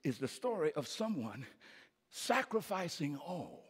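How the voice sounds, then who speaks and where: A male pastor preaching live, his husky, gravelly voice climbing high and swinging widely. He calls out to the congregation and repeats his phrases for emphasis. The sound carries a long reverb from a church hall. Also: very animated, unhurried. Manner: preaching with call-and-response, building to shouted peaks. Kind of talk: live sermon.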